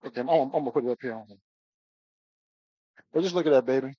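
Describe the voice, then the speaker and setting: A man's voice: medium pitch, fast, dry recording. Hyped man cooking on a live stream. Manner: excitable, calls the viewers "baby" constantly, whoops. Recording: dull lo-fi stream audio.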